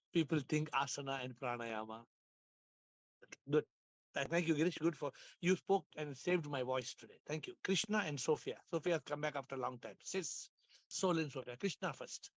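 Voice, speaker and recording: A hoarse man, leading a spiritual class over a video call, playful and laughing, with lots of repetition. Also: fairly high pitch, normal speed, no room sound. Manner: playful, laughing, repeats phrases, asks questions. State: hoarse, lost his voice. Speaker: spiritual teacher hosting an online class. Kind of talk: casual spiritual class talk.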